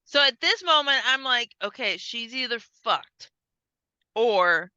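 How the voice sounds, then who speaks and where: A woman's voice: a little high, slow pace, clean tone, no echo, dull audio. A woman co-hosting a podcast, chatting casually as she recaps a movie, swearing and acting out the scenes in voices. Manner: animated, profane, acts out scenes in voices. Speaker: podcast co-host.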